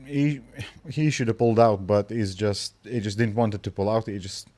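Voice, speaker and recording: A man's voice: fairly low pitch, fairly even intonation, moderate pace, darkish tone. A man co-hosting a podcast, easygoing and asking questions. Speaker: podcast co-host. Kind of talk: casual podcast chat.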